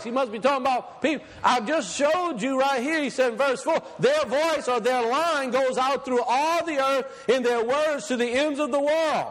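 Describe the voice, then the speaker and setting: A man preaching a sermon, emphatic, reading scripture slowly and deliberately. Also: very high voice, long reverb tail.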